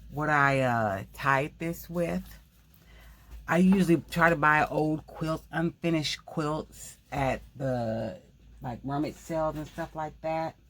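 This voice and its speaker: A woman hosting a craft video, talking quickly in a rambling, casual way and often correcting herself mid-sentence. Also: rumbling low, a little hiss or hum. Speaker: craft channel host. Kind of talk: casual craft tutorial chat.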